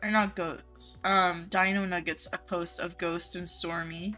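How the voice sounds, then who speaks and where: A woman's voice: on the low side, fairly even intonation, unhurried, few pauses, sharp tone, faint music behind. A young woman live-streaming a game, chatting casually with viewers, greeting them by name and gushing over cute things.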